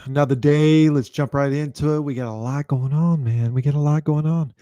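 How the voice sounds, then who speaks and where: A man's voice: fairly high pitch, fairly even intonation, a little fast, dark tone, no echo, lo-fi sound. A man hosting his own show, talking casually and loosely to the audience, with plenty of swearing and repeated phrases. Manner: loose, profane, repeats himself. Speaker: host. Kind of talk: casual talk to camera.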